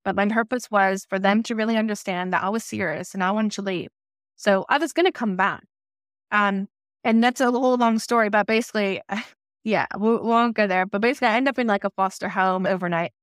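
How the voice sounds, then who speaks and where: A woman's voice: mid-range voice, a little fast, clear, resonant tone, dry recording. A woman speaking in a middle register on a podcast, her voice close and dry with no room around it. She shares a personal story in a candid, conversational way. She slips into the voices of people from her memories as she goes. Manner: candid and personal, acting out remembered dialogue. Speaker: podcast co-host.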